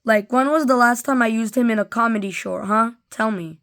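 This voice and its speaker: A woman's voice: on the high side, brisk, fairly bright tone. A woman casually reviewing toys in a rambling, offhand way, full of fillers. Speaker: toy reviewer. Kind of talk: casual product review vlog.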